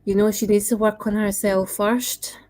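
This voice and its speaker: Woman on a live stream, chatting offhand, lots of ums, mid pitch. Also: flat delivery, normal speed, darkish tone. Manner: plain, offhand, hesitant with ums. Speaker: podcast co-host. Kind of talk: casual chat on a live stream.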